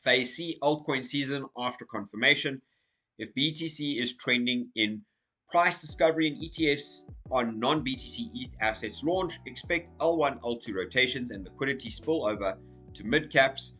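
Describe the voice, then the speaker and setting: A man with a hoarse, croaky voice talking casually through crypto market commentary, energetic and checking in with "okay?" as he goes. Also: medium pitch, moderate pace, faint music behind. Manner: energetic, repeats okay and so as you can see. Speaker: crypto YouTuber.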